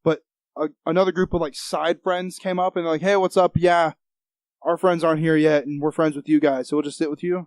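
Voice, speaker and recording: A teenage guy co-hosts a podcast and tells crude stories, often laughing between lines. His voice sits a little high for a young man. The sound is dry and close, with no room in it. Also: level tone, brisk, a little mellow, no room sound. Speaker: podcast co-host. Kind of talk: casual chat.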